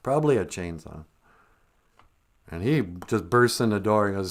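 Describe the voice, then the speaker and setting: Host, male, wry comic storyteller, low voice with a lively range. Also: moderate pace, long pauses. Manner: wry, sarcastic. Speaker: live stream host. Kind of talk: comedic storytelling.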